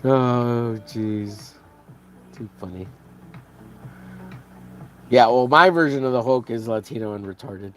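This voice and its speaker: Man, mid-pitched voice, loose rambling livestream chat, laughs at his own jokes. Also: slow, pauses often, a bit bright, soft background music. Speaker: comic artist streaming while coloring.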